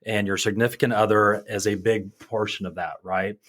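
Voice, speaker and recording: Low-voiced co-host, chatty, tags "right?". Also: male voice, level tone, normal speed, fairly bright tone. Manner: friendly, leading questions, tags "right?". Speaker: podcast co-host. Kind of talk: casual interview chat.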